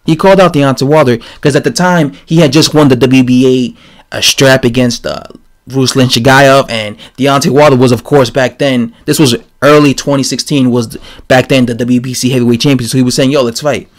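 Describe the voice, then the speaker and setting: A man giving a casual, rambling opinion rant on his channel, animated and full of fillers and restarts. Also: medium pitch, fairly quick. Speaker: boxing commentator vlogger.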